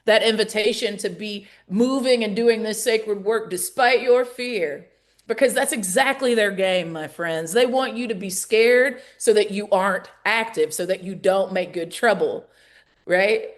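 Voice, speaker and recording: A woman's voice: medium pitch, measured pace. A Southern-accented woman runs an online rally call with lots of energy. She talks in a folksy way and keeps calling out to her listeners as she hosts. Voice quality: lively, folksy, calls out to the audience. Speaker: call host and organizer.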